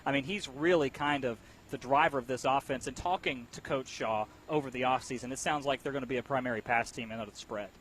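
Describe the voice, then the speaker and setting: A man doing color commentary for a high school football broadcast, joking and talkative. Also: fast, a bit bright, slight background noise, low-quality recording.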